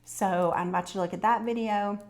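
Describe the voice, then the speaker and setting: A woman's voice: mid-range voice, steady tone, fairly quick. A woman in her fifties vlogging to camera, chatting casually and telling stories with lots of fillers. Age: 50s. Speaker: lifestyle vlogger.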